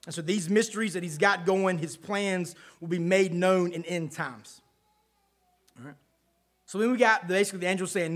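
A man preaches a casual, conversational sermon, folksy and chatty, full of asides and frequent check-ins with his listeners. His voice is high-pitched and fairly bright, at a moderate pace.

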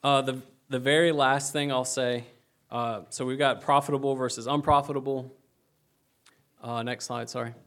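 A man's voice: mid-range voice, fairly even intonation, moderate pace, a bit bright. A young man giving a casual, conversational sermon, with many fillers and a self-deprecating tone. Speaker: preacher.

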